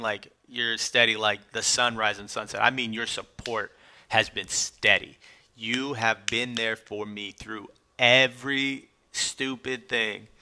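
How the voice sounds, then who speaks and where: A man's voice: medium pitch, vocal fry, sharp tone. A middle-aged man hosting a podcast, talking casually and emotionally as he speaks straight to his family and friends. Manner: emotional, casual, addresses loved ones directly. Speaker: podcast host. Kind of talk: heartfelt podcast monologue.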